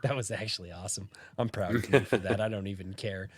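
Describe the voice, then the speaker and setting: A man's voice: lowish voice, fairly even intonation, fast talker, very noisy. A man hosting a casual livestream podcast, sick with a sore throat and cough, greeting viewers by name and laughing through his coughing. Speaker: podcast host.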